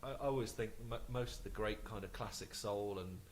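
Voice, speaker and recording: Chatty man, lowish voice. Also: a little fast, slight background noise, poor audio. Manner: chatty, frequent restarts and laughs. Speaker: guest musician. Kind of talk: casual interview chat.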